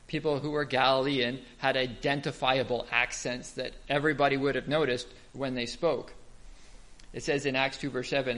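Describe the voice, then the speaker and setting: A man's voice: medium pitch, flat delivery, moderate pace, a bit bright. A man giving a Bible teaching talk, explaining step by step and asking the listeners rhetorical questions.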